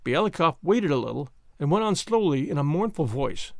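Man narrating a story, lively pitch. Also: fairly quick, gravelly, no echo, studio quality. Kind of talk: audiobook narration.

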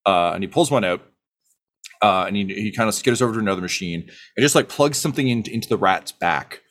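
A man running a tabletop game, narrating in a halting way and filling pauses with ums and uhs. His voice sits somewhat low. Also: fairly bright tone. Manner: halting, many fillers. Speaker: game master.

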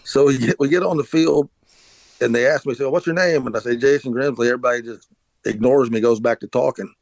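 This ex-pitcher turned podcast host, a middle-aged man, tells a lengthy story in a relaxed, rambling manner full of restarts and "uh"s. His mid-range voice is gravelly and darkish, his pace quick, and there's no echo.

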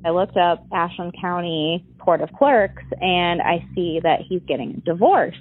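With a fairly low, measured voice over phone-quality sound, a young woman in her adult years recounts a personal experience as an interview guest. She rambles, restarts often and leans heavily on "like."

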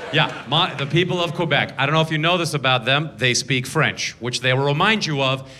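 A man's voice: on the high side, normal speed, bright, forceful tone. A man performing a sarcastic stand-up set on a theater stage, slipping into mocking voices for his bits. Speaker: stand-up comedian. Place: theater stage with a laughing audience.

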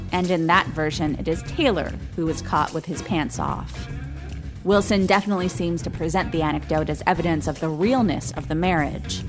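A woman host giving a scripted narration in a wry, skeptical storytelling manner. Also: fairly low pitch. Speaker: podcast host. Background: music.

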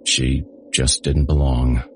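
A man with an extremely deep, low voice reads a first-person story in a dry, sardonic tone. A faint hiss of background noise sits under the recording. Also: level tone, slow pace. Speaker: narrator.

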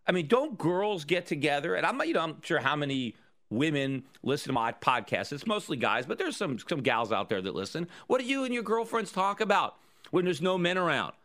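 A man talks through an opinion segment on his own podcast. His voice sits a little high and sounds bright and forward. He argues with energy and keeps asking rhetorical questions. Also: a little fast. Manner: animated, argumentative, rhetorical questions. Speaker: podcast host. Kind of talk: opinion monologue.

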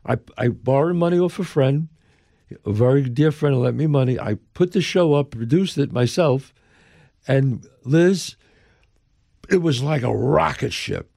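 An older Bronx man with a New York accent tells a story as an interview guest, lively and emphatic, acting out the people he quotes. His medium-pitched voice has vocal fry and moves a little slowly. The recording is dry, with clean studio sound.

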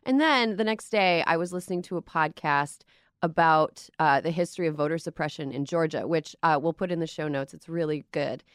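A woman's voice: low-pitched, brisk, smooth, no echo, clean studio sound. A young adult woman hosting a podcast panel, chatting casually and rambling with restarts. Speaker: podcast host.

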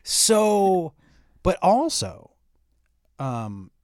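A middle-aged comedian speaks very slowly in a high-pitched voice, recorded in studio quality with no room sound. As a guest in a casual chat, he tells an animated story, acting out the dialogue and swearing freely.

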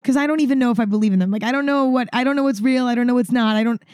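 A chatty woman telling a story on her podcast, with a somewhat high voice. She talks casually and animatedly, filling her sentences with "like". The sound is dry and close, with no room echo. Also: very fast, smooth. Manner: chatty, says "like" often, animated. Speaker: podcast host.

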